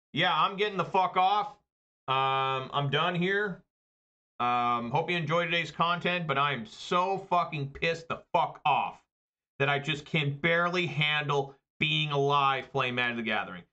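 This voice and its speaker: On a muffled recording, a channel host with a wife and kids unloads on his viewers in a casual, self-deprecating rant, exasperated and swearing freely. His fairly high voice has a sharp tone, and he doesn't hurry.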